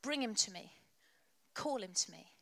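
A woman's voice: medium pitch, animated, unhurried, gravelly, sharp tone, pitched below the performer's own voice, full character voice. A woman voicing kind King David. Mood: welcoming. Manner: reassuring, inviting. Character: kind king David welcoming a guest to his table.

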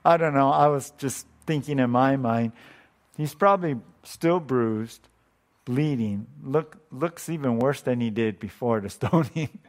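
Male pastor, mid-range voice, relaxed conversational sermon, wonders aloud and laughs often. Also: mid-range voice, unhurried.

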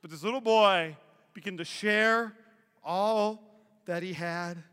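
A man preaching a sermon as pastor, telling playful stories with lively asides. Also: sits high, slow, clean tone. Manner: animated storytelling with playful asides. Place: church sanctuary. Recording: echoey hall reverb.

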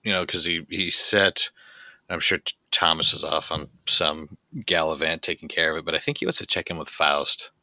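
Deep-voiced man describing a scene. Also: fairly even intonation, bright, forceful tone, no echo. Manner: rambling, halting, casual. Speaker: player. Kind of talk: describing a scene in a tabletop game.

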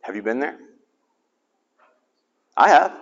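Animated preaching man in a reverberant hall. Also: mid-range voice, takes it slowly. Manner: animated, conversational preaching with sudden drops to a hushed voice. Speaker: chaplain. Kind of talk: sermon. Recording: dull, slightly lo-fi sound with long hall reverb.

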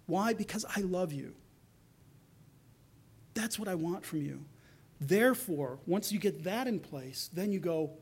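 A man preaching a sermon, earnest, acting out quoted voices and dropping soft for tender lines. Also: high-pitched, lively intonation, unhurried, pauses often, breathy edge. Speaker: pastor.

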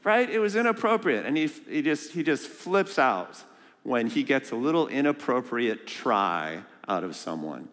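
A man preaching a sermon as a guest speaker, lively and joking, asking the congregation questions. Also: mid-range voice, a little slow, big-room sound. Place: church sanctuary.

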